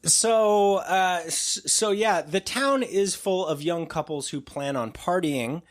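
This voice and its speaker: A man's voice: high-pitched, slow pace. A man hosting a podcast in casual chat, loose and joking, with lots of fillers. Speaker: podcast host.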